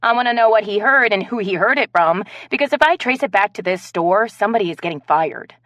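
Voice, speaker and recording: A woman's voice: medium pitch, lively intonation, brisk, a bit bright, no echo, pitched above the performer's own voice, lightly acted. A woman narrator voicing a short-tempered female store manager who speaks sharply and with exasperation in an audiobook. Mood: angry.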